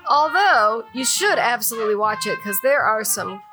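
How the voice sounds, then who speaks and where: A woman's voice: on the high side, expressive, normal speed, music in the background. A woman guest on a podcast in casual chat, playful, teasing and emphatic.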